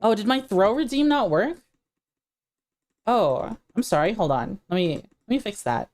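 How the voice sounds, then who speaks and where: A woman's voice: mid-range voice, lively intonation, unhurried, darkish tone, soft background music. A woman streamer chatting casually while playing, laughing easily and talking to her chat.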